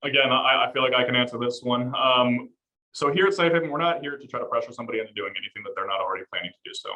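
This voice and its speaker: A man working in home security sales, talking as a guest on a panel with eager, quick, repetitive speech. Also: mid-range voice, bright, forceful tone, rough recording. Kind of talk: panel conversation.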